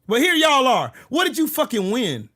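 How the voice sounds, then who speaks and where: A man hosting his own channel, delivering a heated, profane political rant that bursts into shouting. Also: very high-pitched, huge pitch swings, moderate pace. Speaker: political commentary channel host.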